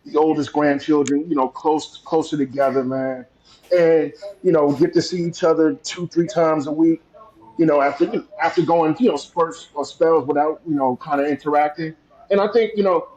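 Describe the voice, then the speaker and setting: A man's voice: on the high side, darkish tone. Reflective man, muffled sound. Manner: reflective, hedging with fillers. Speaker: podcast co-host. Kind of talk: casual podcast chat.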